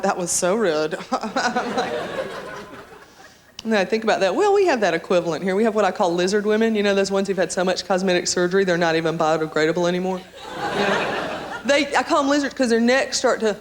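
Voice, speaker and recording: A woman in her thirties doing stand-up comedy, brash and sardonic, with sudden high animated outbursts. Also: a little fast. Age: 30s. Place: comedy club stage. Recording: live club, audience laughter and noise.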